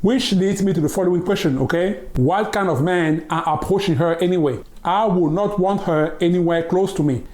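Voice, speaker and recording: A man's voice: sits high, moderate pace, hardly any pauses, a little mellow, reverberant. A man giving a judgmental reaction, laying out his points one by one. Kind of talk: reaction commentary.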